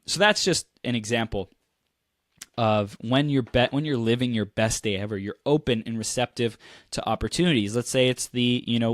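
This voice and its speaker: A young adult man coaching in a motivational monologue, energetic and animated, acting out people's reactions and laughing often. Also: medium pitch, dry recording, clean studio sound.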